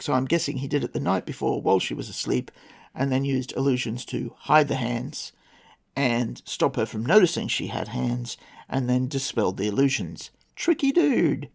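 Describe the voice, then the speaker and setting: A man's voice: medium pitch, vocal fry. A man casually retelling an old folktale with wry, sarcastic asides as a podcast host. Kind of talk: casual storytelling with commentary.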